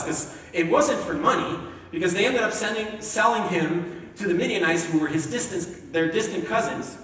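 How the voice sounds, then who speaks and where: Guy preaching in a big echoey church, kinda high voice, jokey and animated, mic sounds far off. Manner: animated and jokey, acting out voices, laughs often. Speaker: pastor. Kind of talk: lively conversational sermon. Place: church sanctuary. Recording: echoey hall, distant mic.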